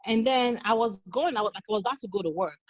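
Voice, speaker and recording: A woman in her thirties, a nurse and mother, appears as a guest in a casual podcast interview, speaking earnestly and telling stories while acting out quoted dialogue. Her voice is a little high and her pace quick. The recording is dry and lo-fi.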